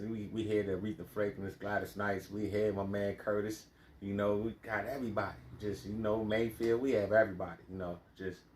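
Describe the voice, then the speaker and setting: A man's voice: lowish voice, darkish tone, roomy sound, a little hiss or hum. A man from the Bronx with a New York accent, telling his life story in a loose, rambling way with lots of fillers. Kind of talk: casual monologue.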